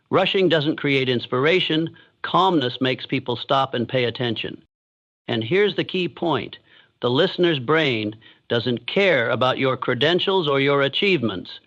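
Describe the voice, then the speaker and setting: A man giving a scripted motivational narration in a measured, deliberate way with pauses. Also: on the high side, a bit bright. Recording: dull lo-fi sound.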